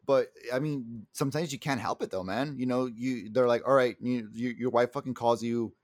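A man in a loose podcast chat, his voice recorded close and dry with no room around it. He rambles and restarts often, swears freely and talks like an openly emotional guy. His pitch sits in an ordinary middle range. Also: normal speed, a little mellow, dry recording. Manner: self-described very emotional. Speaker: podcast co-host. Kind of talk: casual chat.

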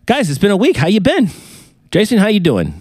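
A man's voice: high-pitched, huge pitch swings, fairly quick, darkish tone, no room sound. Man hosting a podcast, casual chat, rambling sponsor reads, dry close mic. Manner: rambling, joking, hypes sponsors. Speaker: podcast host.

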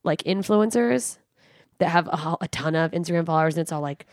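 A young woman, a comedian guest, talking candidly on a podcast in a blunt, profane, lively way. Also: lowish voice, fairly quick, dry recording, clean studio sound.

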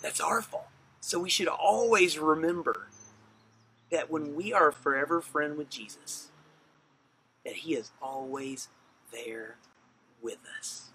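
A man's voice: fairly high pitch, slow, long pauses, bright, forceful tone, husky. A male pastor preaching a sermon in a casual, enthusiastic, storytelling manner.

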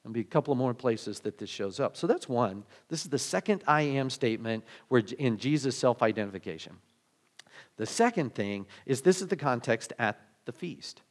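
A man's voice: mid-range voice, expressive, moderate pace. A male pastor preaching a sermon in a conversational way, asking many rhetorical questions and often restarting his sentences.

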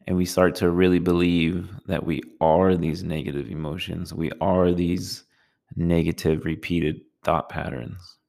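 A man giving a calm, measured talk on meditation, speaking in a slow and soothing way. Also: sits low, vocal fry. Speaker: meditation teacher.

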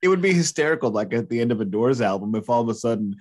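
A man co-hosting a music podcast, talking in halting, joking bursts with frequent restarts. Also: medium pitch, animated, noisy background. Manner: halting, joking, self-interrupting. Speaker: podcast co-host. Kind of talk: casual album review chat.

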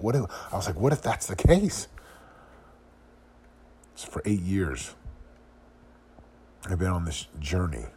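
A man's voice: sits low, a little mellow, slight background noise. A middle-aged man hosting a podcast, speaking earnestly and confessionally in a personal reflective monologue, asking searching questions. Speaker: podcast host.

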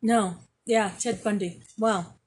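A woman's voice: mid-range voice, steady tone, slow, darkish tone, slightly rough. A woman co-hosting a podcast in casual chat, swearing freely and trailing off while she hunts for words. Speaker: podcast co-host.

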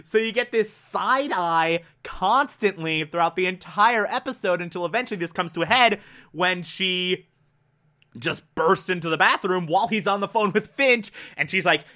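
Excitable male reviewer, high and bright, gushes through a recap. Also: moderate pace. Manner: excitable, gushing, repeats words for emphasis, acts out quotes. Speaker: TV episode reviewer. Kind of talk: enthusiastic episode recap.

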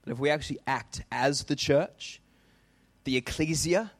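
Australian male pastor, emphatic sermon delivery, higher-pitched voice, dry close sound. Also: moderate pace, no echo. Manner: emphatic, building lists for effect.

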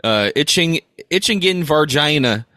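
A man putting on a slow Southern drawl, reading absurd questions with mock seriousness. The voice is bright and tense, close and dry with no room sound. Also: on the high side, expressive, no echo. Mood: mock serious.

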